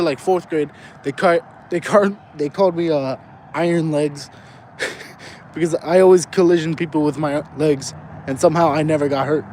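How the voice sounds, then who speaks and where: A man's voice: sits high, a little mellow. A young man from Southern California telling a rambling, profane story with frequent laughs while walking outdoors. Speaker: vlogger. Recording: faint street noise.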